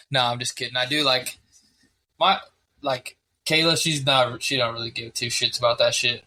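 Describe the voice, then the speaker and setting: There's a faint hiss or hum behind this medium-pitched man, a sports podcast co-host whose loose, excitable talk is packed with swearing and tangents.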